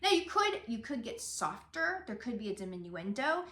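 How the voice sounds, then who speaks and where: A woman's voice: on the high side, very animated, moderate pace, a bit bright. A woman singing teacher giving a vocal lesson, patiently speaking lyric lines aloud to show where the emphasis falls. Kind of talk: vocal lesson with spoken demonstrations. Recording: roomy, echoey room.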